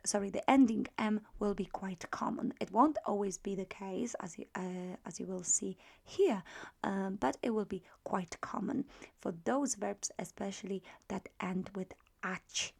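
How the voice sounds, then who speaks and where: Woman teacher, unhurried and gravelly, patient step-by-step explainer. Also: mid-range voice, darkish tone. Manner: patient, explains step by step, models pronunciation slowly. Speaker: language teacher. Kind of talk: language lesson.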